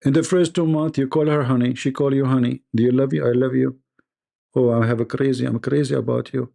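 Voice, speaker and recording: Gravelly joking man telling stories. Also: medium pitch, steady tone, fairly quick, dark tone. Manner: laughs at own stories, acts out dialogue. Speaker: live stream host. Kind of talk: joking live-stream monologue.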